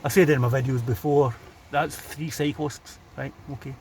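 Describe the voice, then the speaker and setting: A Glasgow vlogger talks at medium pitch and normal speed with fairly even intonation, sardonically ranting to camera about the street he's filming. He's outside by a city road in Scotland, and faint background noise can be heard.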